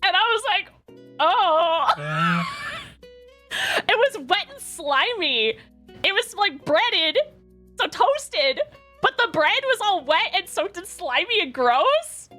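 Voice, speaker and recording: A woman from Canada, a streamer chatting in a chaotic, excitable way, swearing and breaking into laughter. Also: extremely high pitch, slow, soft background music. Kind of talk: casual chat.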